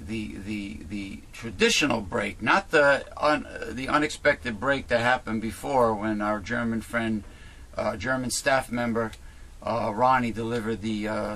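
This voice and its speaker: A man's voice: medium pitch, fairly bright tone. Male host, casual chat, rambling with lots of fillers, faint noise behind. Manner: rambling, chatty, many fillers and restarts. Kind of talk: casual talk show chat.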